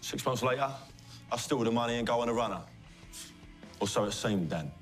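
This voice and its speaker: A man's voice: mid-range voice, lively intonation, fairly quick, a bit bright, faint music behind, close to an everyday voice. An actor playing a man on the run, earnestly pleading his case. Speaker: former band member on the run.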